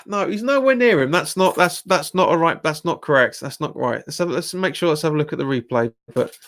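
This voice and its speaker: Here a streamer from England, male and Cockney-accented, gets worked up while commentating on a match for viewers, speaking slightly fast. Bad calls send his voice shooting upward in frustration, and he keeps chatting with the audience.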